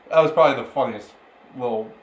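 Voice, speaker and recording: A young man chats through a long personal story and keeps laughing as he talks. His voice sits at a middle pitch, neither high nor low. The room echoes, with a faint noise underneath. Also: quick pace, muffled recording. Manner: laughs often while telling a story. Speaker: podcast co-host. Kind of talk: casual chat, storytelling. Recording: roomy, with faint background noise.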